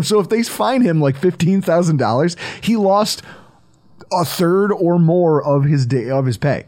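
A man's voice: a little high, animated, measured pace, a little mellow. A man hosting a casual sports podcast, joking, riffing and laughing as he talks. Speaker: podcast host.

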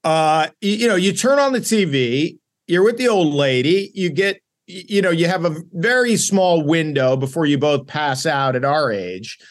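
Middle-aged guy cohost, slightly high voice, rambly and wry, just chatting. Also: expressive, normal speed. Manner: rambling storyteller, wry asides. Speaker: co-host. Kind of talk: casual sports podcast chat.

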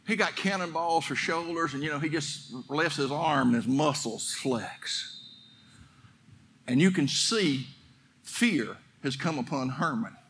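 A man's voice: on the high side, lively intonation, measured pace, fairly bright tone, slight background noise. A man pastor preaching a sermon, telling a story and building to fervent exhortation.

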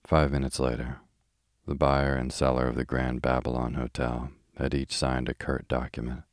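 Brief: male bedtime reader, soothing and monotone, deep voice, dry studio sound. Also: moderate pace, no room sound. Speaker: audiobook narrator. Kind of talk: slow sleep-story reading.

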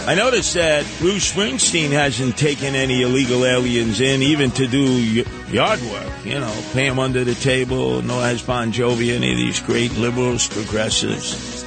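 A man hosting a talk radio show, delivering a blustery, sarcastic, mocking monologue into a studio microphone. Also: medium pitch.

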